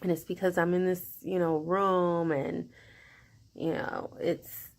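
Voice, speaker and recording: Lowish-voiced woman doing a chatty video diary, laughs a lot, talks to herself out loud. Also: slow. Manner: chatty, animated, talks to herself in quoted asides; laughs often while talking. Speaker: vlogger. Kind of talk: casual personal video diary.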